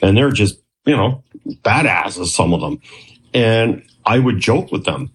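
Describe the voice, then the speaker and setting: Husky, low man, middle-aged, a chatty guest storyteller. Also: animated, measured pace. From Canada. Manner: rambling, chatty, with frequent restarts and acted quotes. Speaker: guest, former clinician who worked with police. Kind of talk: storytelling interview.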